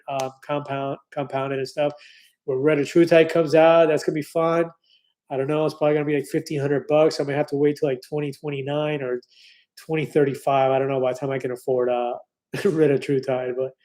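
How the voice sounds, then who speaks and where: Reading viewer comments aloud on his casual live stream, a man in his fifties sounds mellow, his voice leaning high. He keeps an upbeat, chatty tone, stumbling through many fillers and restarts.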